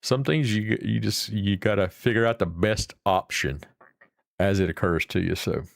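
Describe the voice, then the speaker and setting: A man's voice: lowish voice, normal speed, gravelly, dry recording, clean studio sound. A man with an Appalachian accent hosting a live stream and chatting casually with viewers in a folksy, rambling, salty way. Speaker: livestream host.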